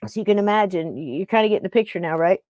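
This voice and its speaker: A woman's voice: medium pitch, racing, a little mellow, no room sound. A woman podcast host telling a funny story in casual chat, acting out both sides of a phone call with jokes.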